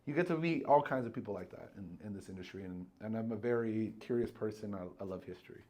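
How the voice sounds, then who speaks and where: A man guesting on a podcast, chatting casually as an insurance broker and telling animated stories with plenty of restarts. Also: on the low side, fast. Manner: animated storyteller, acts out dialogue; frequent fillers and restarts. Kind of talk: casual chat.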